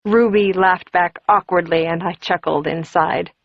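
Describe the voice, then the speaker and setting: A woman's voice: fairly low pitch, fairly even intonation, measured pace, no echo. Lady reading a novel in first person, wry tone, dull dead-dry sound. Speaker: audiobook narrator. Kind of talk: first-person audiobook narration.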